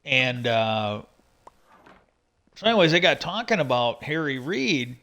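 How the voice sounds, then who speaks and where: A man's voice: medium pitch, sing-song, unhurried, bright, forceful tone. Rambling, cursing middle-aged man. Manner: rambling, swears freely. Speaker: livestream host. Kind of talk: casual livestream chat.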